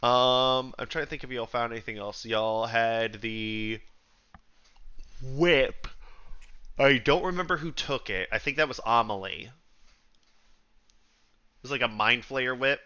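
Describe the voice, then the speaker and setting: A man's voice: medium pitch, unhurried, pauses often, bright, forceful tone, clear, resonant tone, dull audio. A man running a tabletop game as game master, talking loosely with lots of "uh"s and "y'all". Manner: loose and rambling, many "uh"s and "y'all".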